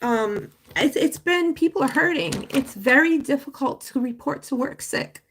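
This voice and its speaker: A woman chats on a live stream through a close phone mic, her voice sitting a little higher than most. She rambles warmly through her story with lots of fillers and restarts. Her voice wavers with emotion as she talks. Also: animated, moderate pace, slight background noise. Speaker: livestreamer promoting a home business. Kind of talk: casual live-stream talk.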